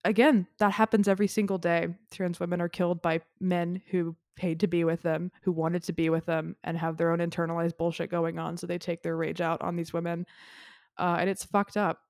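A woman's voice: on the low side, flat delivery, a little fast, darkish tone, dry recording, clean studio sound. A woman co-hosting a podcast, tearful and sniffling as she talks earnestly and rambles about a film she loves. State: tearful, crying. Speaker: podcast co-host. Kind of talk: emotional film discussion.

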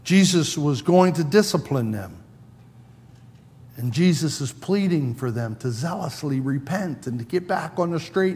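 A man's voice: fairly high pitch, in a large hall. A man preaching a sermon in a conversational way, acting out quoted lines with a raised voice. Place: church sanctuary.

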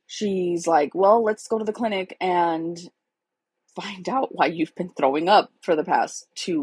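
A woman's voice: lowish voice, a little mellow, husky, no room sound, low-quality recording. A woman in her thirties candidly telling her own life story in a casual, emotional, chatty way. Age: 30s.

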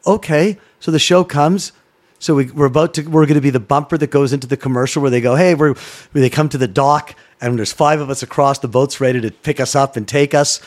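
A middle-aged man from Canada, a former sports broadcaster, telling a story in a casual chat, animated and swearing freely. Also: medium pitch, brisk. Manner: animated, swearing, acts out voices in his stories.

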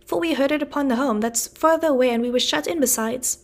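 A woman's voice: high voice, fast, voice pushed up. A woman voicing a timid, polite young boy who speaks hesitantly.

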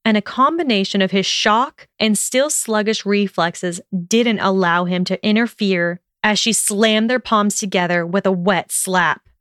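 A woman narrating a story in a steady, even storytelling manner. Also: medium pitch, a little slow, hardly any pauses, clean tone, no room sound, studio quality. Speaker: audiobook narrator. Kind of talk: scripted narration of fan fiction.

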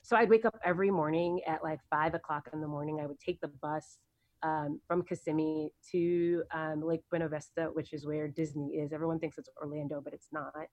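A woman's voice: low voice, fairly even intonation, brisk, darkish tone, no room sound. A woman guest on a podcast, telling stories from her career in a chatty, rambling way with many ums and likes. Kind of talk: casual interview storytelling.

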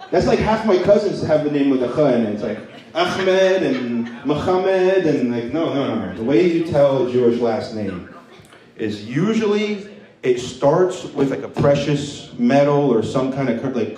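A man's voice: medium pitch, dark tone. A man doing a stand-up set with crowd work in a comedy club, crude and often laughing at his own jokes. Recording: echoey room, mic from distance.

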